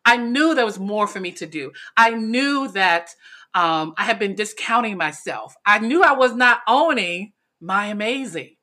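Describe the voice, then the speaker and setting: A middle-aged woman from North Carolina, a coach being interviewed, telling her story in a lively way with frequent laughter and acted-out quotes. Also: mid-range voice, a little slow. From North Carolina, USA. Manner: animated, laughs often, acts out quoted lines. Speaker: podcast guest, speaker and coach.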